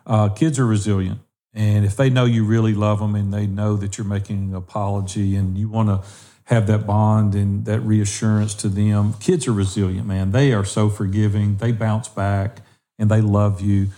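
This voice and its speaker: Male podcast co-host, low and dark tone, earnest and exhorting. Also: little pitch movement, normal speed. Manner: earnest, exhorting listeners directly. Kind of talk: encouraging podcast talk.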